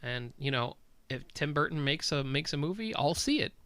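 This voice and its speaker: A man's voice: fairly high pitch, expressive, moderate pace, fairly bright tone. A man co-hosting a film podcast, giving firm opinions in casual chat with frequent restarts. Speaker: podcast co-host.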